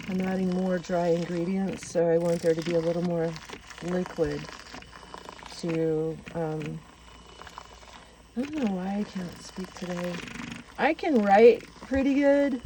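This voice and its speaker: A woman vlogs while cooking in her motorhome kitchen, chatty and rambling, poking fun at herself when she slips up. Her mid-range voice has a dark tone, with slight background noise and poor audio.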